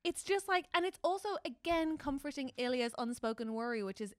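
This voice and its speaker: A woman co-hosting a podcast in lively casual chat, bouncing between quick asides and acted-out lines from the show. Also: sits high, smooth, no room sound, clean studio sound. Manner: animated, quick asides, acts out characters' lines. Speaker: podcast co-host.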